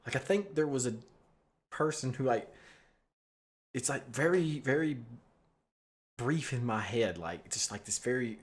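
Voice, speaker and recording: A man's voice: mid-range voice, lively intonation, a little slow, pauses often. Rambling young man reading a text adventure. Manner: rambling, filler-heavy, swears and laughs often. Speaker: streamer playing a text adventure. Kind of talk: reading game text aloud with casual commentary. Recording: faint background music.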